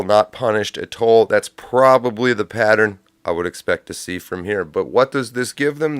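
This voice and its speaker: A man's voice: lowish voice, moderate pace, hardly any pauses, clear, resonant tone, no room sound, studio quality. A man hosting a livestream, delivering sardonic, profane political commentary full of absurd tangents. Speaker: livestream host.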